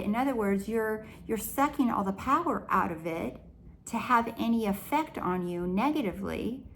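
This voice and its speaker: A woman's voice: mid-range voice, expressive, normal speed, a bit bright, a little hiss or hum. A woman spiritual coach talking to camera in an earnest, encouraging, rambling way. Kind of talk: casual spiritual teaching monologue.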